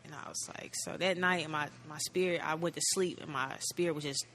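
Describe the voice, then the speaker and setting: A woman's voice: deep voice, steady tone, brisk, fairly bright tone, slight background noise. A woman in her thirties from North Carolina, a musician guest telling her story in a laid-back way, filling it with "like" and acting out old conversations. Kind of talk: casual storytelling.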